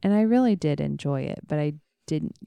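Low, gravelly-voiced chatty woman. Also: lively intonation, fairly quick, dark tone, dry recording. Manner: chatty storyteller, acts out quoted dialogue. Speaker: podcast co-host. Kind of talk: casual chat.

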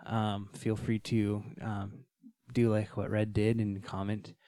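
Low, mellow-voiced man in casual chat. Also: flat delivery, slow, no room sound. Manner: hesitant, many ums and uhs. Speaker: podcast co-host.

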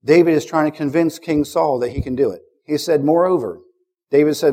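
A man preaching a sermon, mixing casual asides with scripture readings and building to loud, emphatic repeated declarations. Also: on the high side, fairly quick.

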